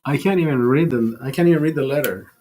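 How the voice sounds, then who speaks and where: A man's voice: medium pitch, fast, darkish tone. A man hosting a live stream, chatting casually over a beer, rambling and swearing, laughing at his own jokes. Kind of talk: casual chat over beers.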